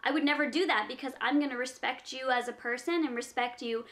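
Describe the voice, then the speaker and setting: A young woman with a high, light voice talks straight to her viewers in a casual question-and-answer vlog. She reads out each question, then answers it with earnest, practical advice. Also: fast talker, fairly bright tone.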